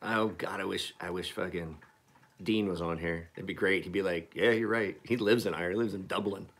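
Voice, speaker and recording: A man's voice: deep voice, steady tone, brisk, a bit bright, slight background noise. Rambling, profane man in his forties. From Appalachian Pennsylvania. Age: 40s. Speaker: knife-sharpening streamer. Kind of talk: casual live-stream chat.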